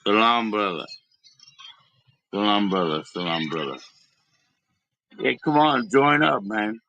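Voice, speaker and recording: A man's voice: fairly low pitch, expressive, slow, bright, forceful tone, dry recording, highs cut off. Teasing, chatty man live-streaming. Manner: teasing, chatty, inviting viewers to join. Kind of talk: casual live-stream chat.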